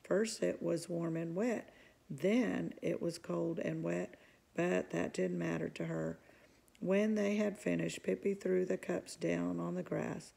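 A woman reading a children's book aloud in a calm, even narrating voice. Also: lowish voice, slow, vocal fry. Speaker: storybook reader.

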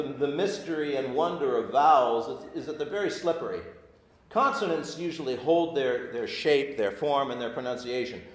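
A man teaching an adult class, his voice sitting a little high and swinging widely as he explains. He talks in an informal lecture style, often breaking off and restarting. The sound carries the echo of a church classroom. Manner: animated, stops and restarts often. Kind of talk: informal lecture with reading aloud. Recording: echoey room.

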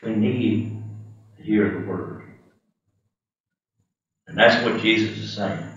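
A male preacher delivering a sermon, swinging from low, steady points up to fervent shouts. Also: far from the mic, lo-fi sound. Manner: impassioned, rising to shouts and dropping low. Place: church sanctuary. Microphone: webcam. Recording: echoey webcam audio from across the room.

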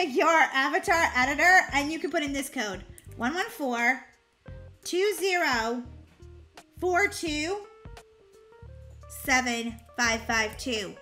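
A female gaming host chatting excitedly and giggling while she plays, talking straight to her viewers. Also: high-pitched. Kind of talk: playful gameplay commentary.

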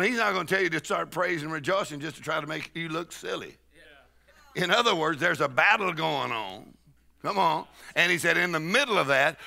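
Preacher guy, middle-aged, gravelly and bright, shouts and swoops all over the place. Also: on the high side. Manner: shouting, exhorting, repetitive call-and-response. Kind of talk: charismatic sermon.

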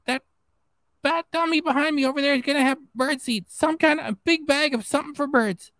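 A man voicing a cheerful male cat mascot who thanks donors, with squeaky exclamations and meows. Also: a little fast, a bit bright, no room sound, rough recording. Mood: chatty.

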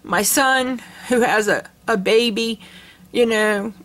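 A middle-aged woman hosting her crafting vlog, gushing with excitement and laughing often. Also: on the high side, slow. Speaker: crafting channel host. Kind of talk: casual vlog chat.

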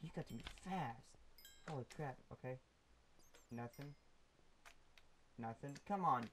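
Speaking at a measured pace, this young man's mid-range voice has a slightly mellow quality as he chats through a Minecraft session for his YouTube channel. He rambles to the audience and the mobs with frequent ums, over slight background noise on a rough recording.

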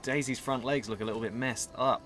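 A young man playing a video game and chatting casually, excitable and swearing freely, often breaking into laughter. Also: medium pitch, a little fast, noisy background. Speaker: let's play player. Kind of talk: casual gameplay commentary.

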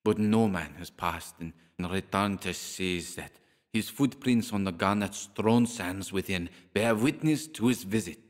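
A man's voice: low-pitched, a little slow. A man reading a poetic, grand scholar. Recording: long hall reverb.

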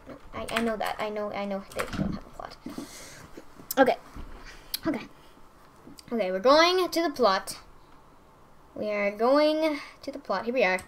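A young woman hosting let's play commentary, gushing and excitable with frequent squeals and giggles. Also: a little high, a little hiss or hum. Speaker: gaming channel host.

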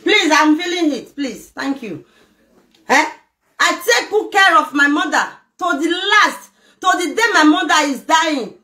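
Middle-aged Nigerian woman, Pidgin-accented, lively pitch, emphatic rant to camera, bright tone. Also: measured pace. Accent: Nigerian Pidgin English. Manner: emphatic, fires rhetorical questions, mixes local language words. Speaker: vlogger. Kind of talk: emotional direct-to-camera rant. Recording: echoey room with faint noise.

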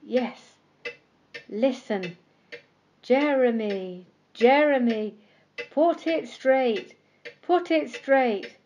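A woman doing a slow chanting old clock. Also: sits high, darkish tone, dull audio, pitched above the performer's own voice, exaggerated voice. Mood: admonishing. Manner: slow, sing-song chanting.

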